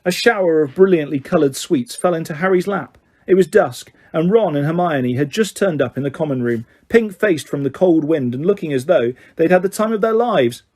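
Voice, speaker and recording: A man narrating a fantasy audiobook in a steady reading voice, with occasional slips and restarts. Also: fairly high pitch, normal speed, hardly any pauses.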